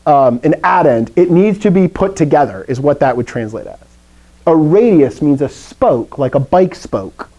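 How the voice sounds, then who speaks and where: A man's voice: fairly high pitch, lively intonation, normal speed, dark tone, low-quality recording. A man from the American South teaching a Greek class, chatty and playful, with lots of asides. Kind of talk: classroom lecture.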